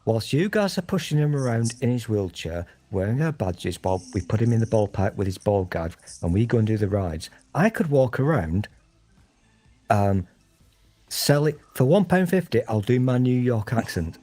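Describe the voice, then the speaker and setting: Lively British man, rambling and crude. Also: fairly low pitch, moderate pace. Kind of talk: casual chat.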